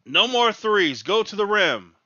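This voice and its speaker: A man's voice: high voice, big pitch swings, unhurried, pushed and bright, no echo, highs cut off. A man ranting in exasperation as he reacts live to a college basketball game, repeating his complaints. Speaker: sports talk host.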